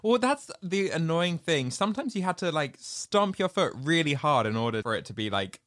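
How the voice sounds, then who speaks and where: A young man co-hosting a chat show about childhood films, jokey and animated. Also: on the high side, normal speed, dry recording, clean studio sound. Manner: animated, jokey, breaks into song and laughs. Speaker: podcast co-host. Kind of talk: casual chat.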